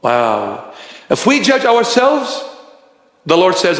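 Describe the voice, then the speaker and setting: A bishop delivers a sermon in a high, unhurried voice, firing rhetorical questions and swinging sharply up and down in pitch. His words ring out with a long, roomy church-hall echo. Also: wildly swooping pitch, fairly bright tone. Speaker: bishop preaching. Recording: echoey church hall reverb.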